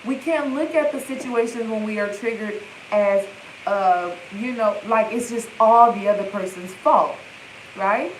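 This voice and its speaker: A woman's voice: medium pitch, measured pace, echoey room, a little hiss or hum, low-quality recording. A woman healing coach, livestreaming from her phone and speaking in emphatic, repetitive affirmations. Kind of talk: live-stream self-help talk.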